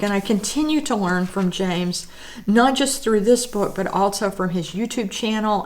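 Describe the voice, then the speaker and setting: A woman artist talking through her art book collection, gushing with admiration and audibly teary, lingering on words of praise. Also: mid-range voice. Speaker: artist and vlogger. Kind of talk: casual show-and-tell of art books.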